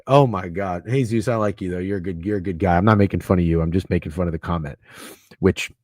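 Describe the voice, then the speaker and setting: A man's voice: fairly low pitch, no echo. A man hosting a casual sports betting livestream, rambling and swearing freely as he talks through games and bets. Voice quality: profane, rambling, excitable. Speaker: sports betting stream host.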